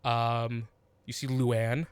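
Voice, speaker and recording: Gm guy narrating, lots of ums, middle pitch, dry close sound. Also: little pitch movement, very slow, clean tone, dry recording. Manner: hesitant, lots of ums and restarts. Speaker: game master. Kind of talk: narrating a tabletop game.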